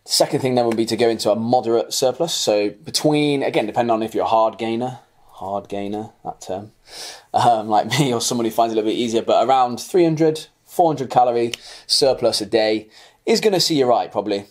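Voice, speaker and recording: A man on a casual podcast, explaining advice in an easygoing way. He talks quickly, at a middling pitch. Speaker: podcast co-host.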